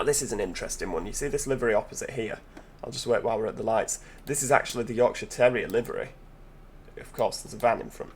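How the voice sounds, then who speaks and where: A man's voice: mid-range voice, slight background noise. Chatty enthusiastic man commentating a game. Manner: enthusiastic, chatty, full of tag questions; talks to in-game passengers while driving. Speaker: gaming channel host. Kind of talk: gameplay commentary.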